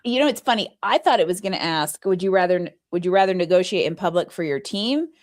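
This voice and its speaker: A woman's voice: on the low side, animated, fast, dry recording, clean studio sound. A woman co-hosting a casual podcast chat, talking animatedly and laughing often. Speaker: co-host.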